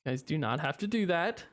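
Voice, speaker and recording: High-voiced man streaming a farming game. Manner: rambling, chuckling, chatting with viewers. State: sleepy, yawning. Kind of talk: casual livestream commentary.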